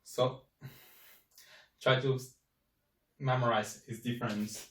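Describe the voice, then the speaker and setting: Male Chinese tutor, second-language English, slow and repetitive drilling of sounds, echoey room. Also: mid-range voice, level tone, a bit bright, slight background noise. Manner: slow, repeats each sound many times. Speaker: Chinese teacher. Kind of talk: language lesson. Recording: echoey room, mic at a distance.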